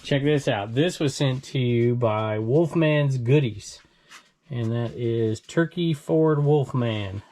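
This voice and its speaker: A man's voice: mid-range voice, slow pace, mellow. A man, hosting a casual reselling vlog in a chatty, easygoing way and laughing easily. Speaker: reseller channel host.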